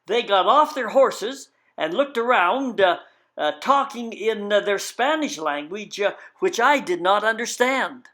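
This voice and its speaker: An older man from Canada telling a personal travel story in a folksy, wry way, halting often with "uh" fillers. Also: high voice, lively intonation, sharp tone. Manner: halting, many "uh" fillers, wry self-mocking humor.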